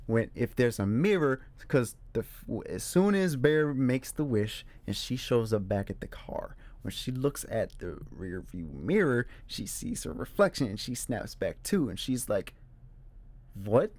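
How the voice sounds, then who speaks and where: A man's voice: mid-range voice, measured pace, hardly any pauses. A young adult man hosting his own movie show, casually and animatedly retelling scenes from a film. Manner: animated retelling, acts out character quotes. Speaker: movie reviewer host.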